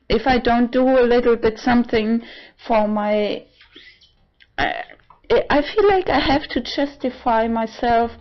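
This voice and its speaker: Slow, rambling woman with halting speech. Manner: halting and digressive, with many fillers and restarts; slips into shrill high sarcastic outbursts. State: tipsy. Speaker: vlogger. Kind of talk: rambling personal monologue. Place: home apartment. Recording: dull lo-fi home recording.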